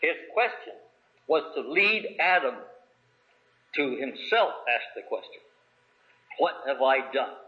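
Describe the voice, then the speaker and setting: A man's voice: mid-range voice, sing-song, takes it slowly, long pauses. A man preaching a sermon, reading scripture in old biblical wording and building to raised, emphatic questions. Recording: tinny phone-like old recording.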